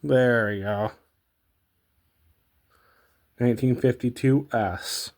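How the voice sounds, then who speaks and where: A young man talking casually about coins as he sorts them, rambling and hesitant with many ums and self-corrections, often trailing off quietly. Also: slow. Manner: low-key, trails off quietly at phrase ends. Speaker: coin collecting vlogger. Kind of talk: casual unscripted commentary while sorting coins.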